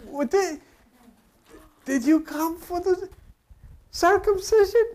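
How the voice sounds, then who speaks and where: A man's voice: takes it slowly, heavy background noise. A man doing a gushing ninety-year-old woman. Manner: gushing, high falsetto. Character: doting elderly woman Sarah, ninety.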